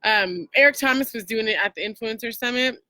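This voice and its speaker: A woman's voice: fairly high pitch, a little fast, pushed and bright, dry recording. A woman hosting a casual motivational talk, chatty and full of fillers and restarts. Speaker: host.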